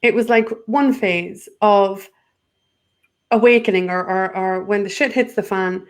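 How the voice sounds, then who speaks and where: A woman's voice: mid-range voice, fairly even intonation, measured pace. Woman guest, chatty and rambling, trips over her own words, mid-range voice. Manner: rambling, repeats words, restarts often. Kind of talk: casual spiritual chat.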